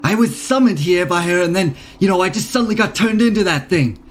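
A man's voice: high-pitched, lively intonation, brisk, pitched above the performer's own voice. A man voicing a brash, streetwise male imp with a Queens accent, rambling and full of fillers. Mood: wheedling. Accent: New York Queens.

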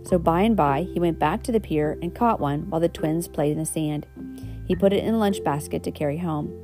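A woman's voice: sits low, brisk, over music. A woman reading a children's storybook aloud, with homely asides and self-corrections. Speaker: reader.

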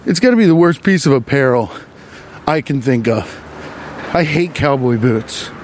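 A man hosting a podcast, delivering a rambling, profane comedic monologue with quick asides. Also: medium pitch, lively intonation, darkish tone, slight background noise. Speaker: podcast host.

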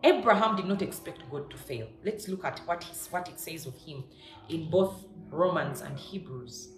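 A woman's voice: sits low, animated, moderate pace, music in the background. A woman preacher giving a devotional sermon, emphatic and repeating her key lines for effect. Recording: echoey room.

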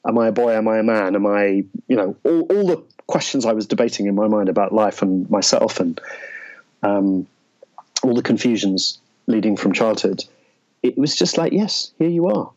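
A man, an interview guest, telling a personal story in a reflective, halting way with frequent restarts. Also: on the low side, a little mellow, dull audio. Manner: halting, searching for words, many restarts.

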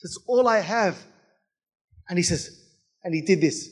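Fervent high-voiced man preaching. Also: measured pace. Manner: fervent, rhythmic preaching with repeated calls to the church. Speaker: pastor. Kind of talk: sermon.

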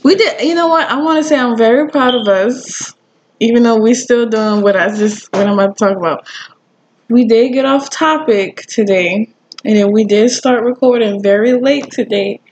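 New woman hosting a casual podcast, high voice, profane and loud-laughing, faint hiss behind. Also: normal speed, poor audio. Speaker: podcast host. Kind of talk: casual chat.

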